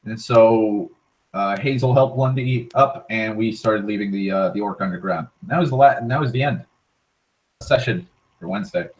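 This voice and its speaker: A man's voice: on the low side, normal speed. A man casually retelling a tabletop game session, swearing constantly and acting out the characters' lines. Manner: heavy swearing, rambling with restarts; animated, acting out quoted lines. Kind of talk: casual storytelling monologue. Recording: voice a bit far from the mic.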